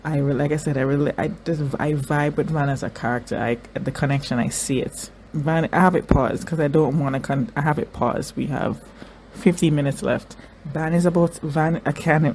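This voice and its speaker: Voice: medium pitch, normal speed, gravelly, a little mellow, slight background noise. Tearful, stammering reaction vlogger. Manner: emotional, stammering and restarting sentences. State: crying. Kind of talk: casual reaction commentary.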